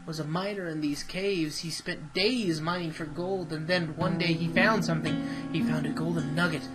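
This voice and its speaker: A gamer voicing a grieving young widow in a soft, quiet, mournful way, over loud game music. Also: medium pitch, fairly even intonation, normal speed, lightly acted, low-quality recording.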